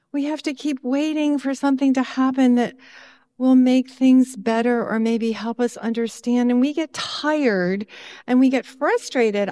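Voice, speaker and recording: Expressive woman preaching to children. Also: in a large hall. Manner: expressive, rising pitch when voicing her own prayers. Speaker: pastor. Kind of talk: children's sermon. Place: church.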